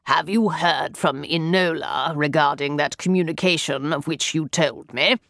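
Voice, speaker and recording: A woman reading an audiobook, voicing a pompous, blustering Victorian gentleman who rants and sputters, with a lower, slower, altered voice. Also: gravelly, no room sound, clean studio sound, heavily acted. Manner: pompous, ranting, sputters when flustered. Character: pompous blustering Victorian elder brother, man.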